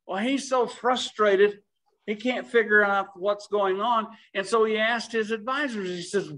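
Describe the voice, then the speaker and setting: A man with a high-pitched voice delivers a sermon in a church. His tone is plain and conversational. He slows down to lean on the phrases he wants remembered. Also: steady tone, a bit bright, low-quality recording. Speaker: preacher.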